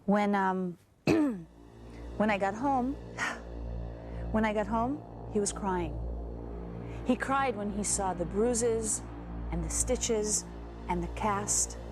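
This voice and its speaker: A young actress performing a theatrical monologue as a woman recounting her abusive relationship, halting and wistful. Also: medium pitch, music in the background. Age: young adult. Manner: halting, wistful, with nervous laughs and sighs.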